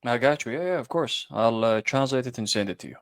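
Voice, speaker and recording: A man co-hosting a live stream, chatting in a quiet, laid-back, agreeable way. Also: medium pitch, fast. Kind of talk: casual live-stream chat.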